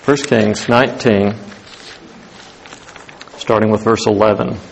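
A man preaching a sermon as pastor, animated, rising to emphatic highs and dropping to hushed tones. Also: slow, creaky, slight background noise, poor audio.

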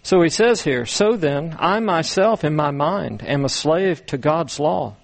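A man delivering a sermon at an unhurried, measured pace, pausing often and repeating words for emphasis. His voice sits slightly higher than most men's. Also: lively intonation, creaky. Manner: slow, deliberate preaching with many pauses and repeated words. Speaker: pastor.

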